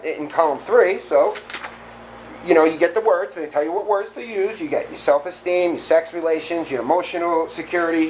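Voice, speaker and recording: A middle-aged man giving a candid, animated personal recovery talk, often laughing at himself. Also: a little high, slight background noise, low-quality recording. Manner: candid, animated storytelling with self-deprecating laughs. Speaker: recovery meeting speaker.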